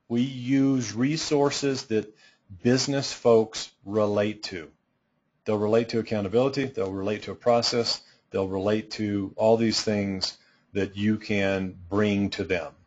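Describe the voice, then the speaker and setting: A man's voice: mid-range voice, slightly rough. A middle-aged man teaching a coaching seminar, talking in a direct, emphatic and playful way. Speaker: coaching instructor. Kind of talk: training seminar talk. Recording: dull lo-fi sound.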